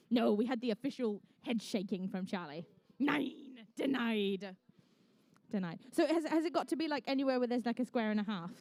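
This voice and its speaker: A young woman emcees a live competition at an indoor conference venue, calling the action and chatting and joking with the teams. Her voice sits fairly high and is a little mellow, with no room sound in the recording.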